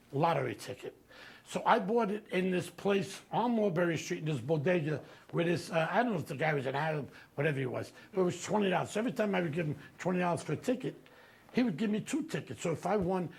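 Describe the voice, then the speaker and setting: A man's voice: on the high side, vocal fry. A man telling brash, profane stand-up stories. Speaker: comedian storyteller. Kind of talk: stand-up storytelling.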